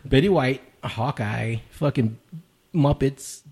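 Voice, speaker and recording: A man's voice: medium pitch, takes it slowly, darkish tone, slightly rough. A man co-hosting a podcast, telling a long story in casual chat, swearing often and laughing as he goes. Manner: profane, rambling storyteller who laughs often. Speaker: podcast co-host.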